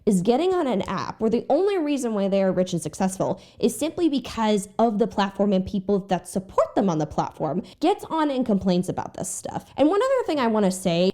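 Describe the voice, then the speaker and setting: A young woman hosting a commentary video, her voice warm and mellow. She talks with emphatic indignation, leaning on rhetorical questions with a lively, rising and falling pitch. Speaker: commentary YouTuber. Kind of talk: commentary and reaction.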